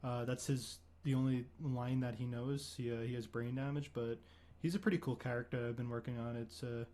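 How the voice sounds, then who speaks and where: A man streaming, chatting in a deadpan, mock-earnest way with many "like" fillers. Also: mid-range voice, fairly quick. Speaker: streamer on a comedic stream date. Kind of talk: casual livestream chat.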